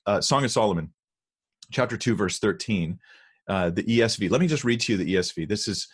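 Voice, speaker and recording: A man with a lowish voice, lively intonation and a breathy edge speaks in a podcast conversation. He earnestly emphasizes his views on Bible translations and reads verses aloud slowly.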